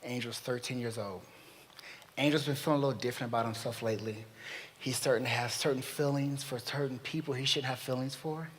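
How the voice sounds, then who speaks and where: Guy telling a story at a panel, acts out all the lines, mid pitch, long hall reverb. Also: a little fast, a little hiss or hum. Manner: animated, acts out the dialogue. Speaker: panel speaker. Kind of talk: storytelling talk.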